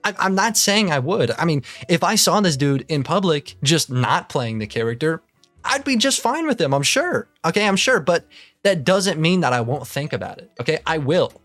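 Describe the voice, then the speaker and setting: Young male commentary YouTuber, lively and slightly high voice, exasperated and profane, dry close sound. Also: moderate pace, no room sound, faint music behind. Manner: profane, exasperated ranting with frequent laughs and restarts. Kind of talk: casual reaction commentary.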